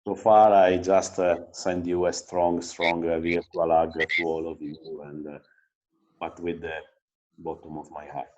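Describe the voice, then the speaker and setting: Team principal type, man, mellow tone, speaks earnestly with frequent hesitations. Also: deep voice, flat delivery, highs cut off. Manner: earnest, halting, many filler pauses. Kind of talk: remote interview answers.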